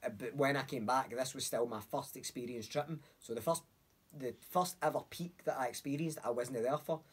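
A young man with a Glasgow accent tells a story at a quick clip, his pitch sitting mid-range. He talks in an animated way, acts out the other voices and swears freely. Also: husky. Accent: Scottish, Glasgow. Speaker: podcast guest. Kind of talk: casual storytelling.

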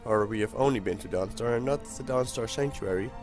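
A young man hosting a casual let's-play, excitable and chatty with his viewers, with a hoarse voice that keeps cracking. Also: mid-range voice, brisk, music in the background. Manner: excitable, talks to viewers while playing. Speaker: gaming channel host.

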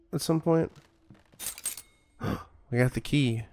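A man's voice: medium pitch, slow, a little mellow. A man streaming a horror game, commenting with sarcastic, profane jokes. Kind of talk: casual gameplay commentary.

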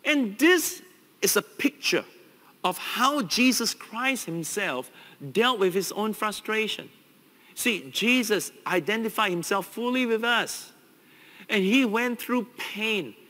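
A man's voice: sits high, pushed and bright, big-room sound. A pastor from Singapore preaching a sermon, with impassioned swells and drops in his delivery.

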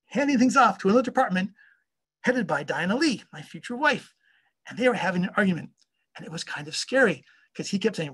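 Man, middle-aged, husky voice, rambling, casual, lots of filler words. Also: sits high, a bit bright. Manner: rambling, full of fillers and acted-out quotes. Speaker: company founder and CTO. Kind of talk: casual talk to an online audience.

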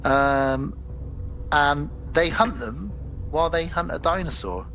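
A man co-hosting a podcast, casually retelling a film's plot with animated asides and quick acted-out quotes. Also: fairly high pitch, lo-fi sound, a little hiss or hum. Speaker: podcast co-host. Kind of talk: casual chat.

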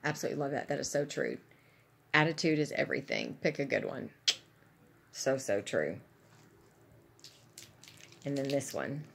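A woman's voice: extremely low pitch, expressive, moderate pace, vocal fry, long pauses, a little hiss or hum. A woman chatting casually and gushing to her viewers about gifts she is unboxing. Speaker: vlogger.

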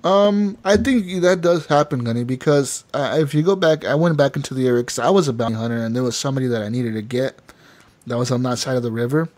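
A man's voice: medium pitch, fast. A young man co-hosting a casual gaming podcast, telling stories animatedly and acting out the characters. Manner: animated storyteller, acts out game characters. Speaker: podcast co-host.

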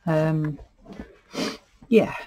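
A woman's voice: low voice, steady tone, very slow, dark tone. A middle-aged woman, a textile artist, chatting casually as she looks over fabric pieces, gushing and easily moved. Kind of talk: casual unboxing chat.

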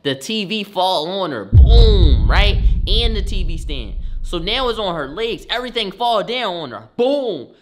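A young man, a streamer, telling a story in a slangy, profane, animated way, getting loud on the punchlines. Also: high voice, moderate pace, hardly any pauses, a little hiss or hum. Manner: swears often, slangy, bursts loud on punchlines.

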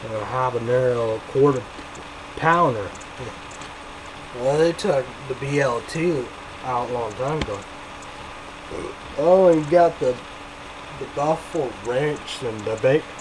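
Rambling profane slow-talking vlogger man. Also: mid-range voice, background noise. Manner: rambling, profane, shouts hype catchphrases. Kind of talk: casual rambling review.

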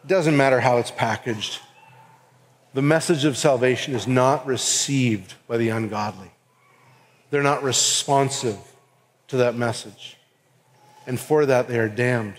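A man's voice: medium pitch, measured pace, pauses often. A man giving an earnest sermon as pastor with a Southern US accent. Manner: earnest preaching, acts out quoted voices. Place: church sanctuary. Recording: long reverb of a hall.

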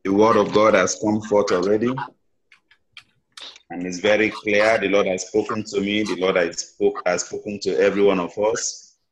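A man preaching a sermon, reading scripture in a measured, drawn-out way. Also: fairly low pitch, little pitch movement, low-quality recording. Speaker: apostle preaching.

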